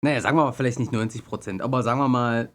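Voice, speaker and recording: A man's voice: mid-range voice, rapid-fire, fairly bright tone. A man streaming live, commenting on a video in a casual, slangy, chatty way.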